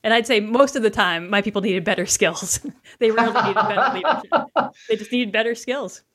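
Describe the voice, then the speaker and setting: A woman on a podcast talks fast in casual conversation. She explains her ideas and keeps asking rhetorical questions. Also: medium pitch, a bit bright. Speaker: podcast guest, leadership educator.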